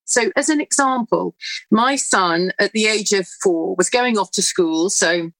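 A middle-aged woman, a presenter and author, telling a lively story about her son and giving calm parenting advice. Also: mid-range voice, unhurried, dry recording, poor audio. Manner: lively anecdotal, acting out her own inner voice.

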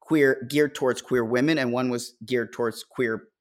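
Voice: medium pitch, steady tone, moderate pace. An American podcast co-host and musician telling rambling, wry stories in casual chat.

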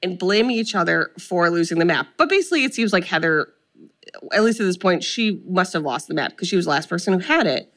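A young woman chatting casually as a co-host, walking through a film's plot. She tells it with lively energy and acts out the characters' lines with swearing. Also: lowish voice, quick pace. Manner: animated storytelling, acts out quotes with swearing. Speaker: podcast co-host. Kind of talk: casual chat retelling a film.

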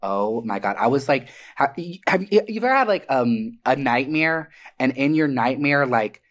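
A man co-hosting a podcast, telling personal stories in a casual, profane and animated way, acting out what others said. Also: mid-range voice, normal speed. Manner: animated, profane, acts out quoted voices. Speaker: podcast co-host. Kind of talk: casual storytelling. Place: Atlanta area.

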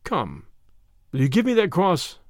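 A man doing a daring master thief for an audiobook, swinging from a hushed, solemn priestly hush to loud, jeering triumph. The voice leaps up and down in pitch and stays close and dry. He sneers at his victim with open relish. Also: huge pitch swings, a little slow, dry recording, full character voice. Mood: quietly menacing. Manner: mocking and triumphant. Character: bold male master thief posing as priest. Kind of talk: audiobook reading of a classic story.

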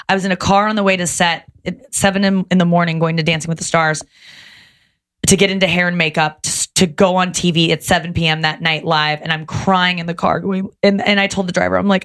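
A young adult woman telling stories in casual podcast chat, animated and swearing freely. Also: fairly low pitch, brisk.

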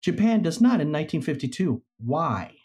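A man's voice: on the high side, normal speed. A man as a podcast guest, telling a historical story casually and acting out the people he quotes. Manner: animated storyteller, acts out quoted figures.

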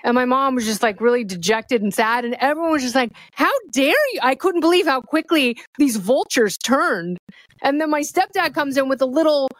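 Animated, high-voiced woman telling a story. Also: fairly quick, dry recording. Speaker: podcast guest, fellow host. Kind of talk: casual chat, storytelling.

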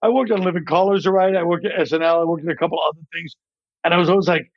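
A male comedian guest in a casual interview, telling rambling, animated stories and acting out voices as he goes. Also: on the high side, racing, dry recording, dull audio. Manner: rambling, animated storyteller who acts out voices.

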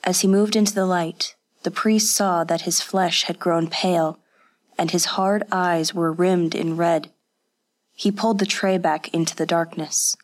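A woman reading a story aloud in steady, measured narration. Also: on the low side. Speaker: audiobook narrator. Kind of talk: scripted narration.

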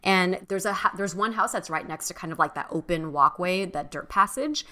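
A young adult woman co-hosting a podcast, telling a personal story in a casual, animated way with many fillers. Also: lowish voice, fairly quick. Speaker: podcast co-host.

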